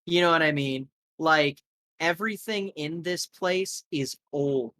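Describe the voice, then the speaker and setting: A man's voice: fairly high pitch, unhurried, pushed and bright, no room sound. Casual rambling male game master. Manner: rambling, filler-heavy, casual. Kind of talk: narrating a tabletop game.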